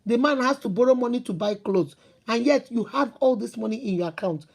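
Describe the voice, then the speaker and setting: A middle-aged woman who gives advice to her viewers in a lively, storytelling way. Her voice sits a little on the high side, and she presses her points with questions and repeats herself for emphasis. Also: brisk, creaky. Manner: animated storytelling, rhetorical questions, emphatic repetition. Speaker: host giving relationship advice. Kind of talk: casual advice talk to viewers.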